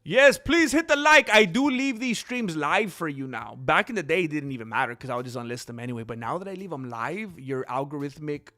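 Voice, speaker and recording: Male streamer, casual rambling chat, fairly high voice, animated, greets his chat. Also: fairly quick, hardly any pauses. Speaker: livestream host.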